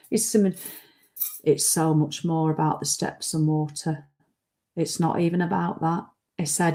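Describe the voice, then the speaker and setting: A woman's voice: lowish voice, measured pace, long pauses, warm tone. A woman, an online fitness coach chatting casually on a live stream from home, greeting viewers by name as she talks.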